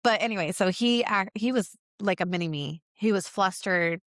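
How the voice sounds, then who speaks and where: An animated woman co-host of a spiritual podcast who acts out what people said as she tells a story, at a middling pitch. Her voice is recorded close and dry, with no room sound. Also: moderate pace, dry recording. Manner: animated storyteller, acts out quotes, laughs often. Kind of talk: casual spiritual podcast chat.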